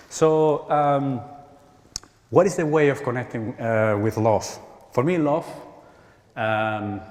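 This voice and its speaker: A man with a Spanish accent giving an animated inspirational talk at a conference, acting out quoted voices and laughing often. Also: mid-range voice. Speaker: conference speaker. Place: large church hall. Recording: echoey hall with long reverb.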